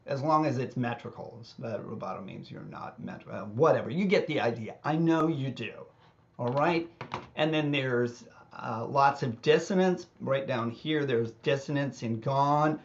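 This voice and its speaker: A man's voice: medium pitch, a little slow, dull audio. A man teaching a hymn in a casual, self-deprecating way with false starts, now and then singing lines in a wobbly voice. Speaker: music teacher. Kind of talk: casual teaching with sung examples. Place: home music studio. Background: organ accompaniment.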